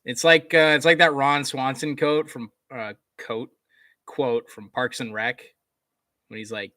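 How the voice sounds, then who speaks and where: A young man giving casual live play-by-play commentary from home, excitable and chatty. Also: medium pitch, measured pace, dry recording. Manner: excitable, chatty, laughs and hums between plays.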